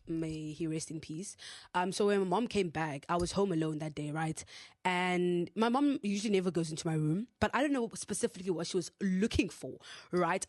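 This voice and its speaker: A woman's voice: fairly low pitch, no room sound, studio quality. A young woman from South Africa with a South African accent, out of breath, chatting casually as a podcast host and rambling with lots of fillers. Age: young adult. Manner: chatty, rambling, with many fillers and self-corrections. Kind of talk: casual storytime chat.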